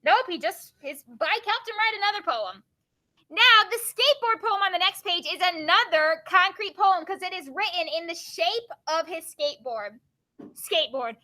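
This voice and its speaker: A woman's voice: very high-pitched, lively intonation, moderate pace, pushed and bright. A woman teacher reading a book of poems aloud to her class, stopping to ask students questions and explain.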